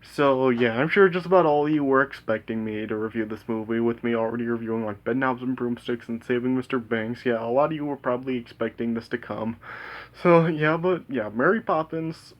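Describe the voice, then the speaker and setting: A man's voice: medium pitch, brisk, lo-fi sound. A man casually reviewing a movie, rambling with lots of fillers and restarts, enthusiastic and laughing often.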